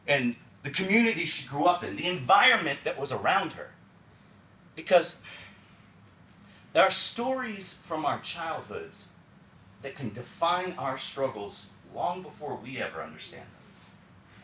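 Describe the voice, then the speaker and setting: A man from Texas tells stories in a one-man stage show, animated and conversational. His pitch is fairly high and swings widely, and his tone is bright. The sound is roomy, with faint theater ambience behind him. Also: recorded from a distance, a little hiss or hum. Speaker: solo stage performer.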